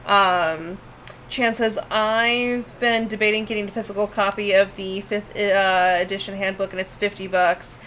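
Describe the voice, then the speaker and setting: A woman from the Pacific Northwest with a creaky voice, chatting casually and reading chat aloud while drawing on a stream. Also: mid-range voice, fairly even intonation, unhurried, a bit bright, slight background noise, poor audio. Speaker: art stream co-host.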